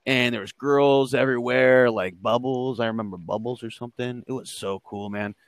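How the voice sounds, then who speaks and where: A man's voice: mid-range voice, fairly even intonation, moderate pace, no room sound. A young man hosting a casual podcast, rambling through stories with lots of fillers and restarts. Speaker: podcast host.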